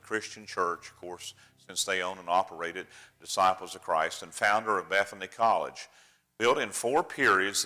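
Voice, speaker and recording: Low-voiced older preacher man, punchy bright tone, folksy and chatty with the church folks. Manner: folksy, chatty storyteller addressing the room. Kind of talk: slideshow talk to a congregation.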